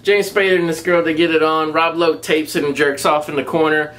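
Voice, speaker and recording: A man's voice: a little high, flat delivery, a little fast, a bit bright. A man with a Southern US accent reviewing a movie in a casual, rambling, profanity-heavy way. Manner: profane, rambling, laid-back storytelling. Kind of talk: casual spoken film review.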